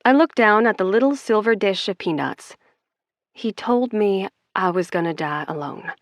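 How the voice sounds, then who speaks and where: A woman's voice: medium pitch, lively intonation, normal speed, no room sound, clean studio sound. A woman narrating a first-person romance audiobook in a wry, conversational way.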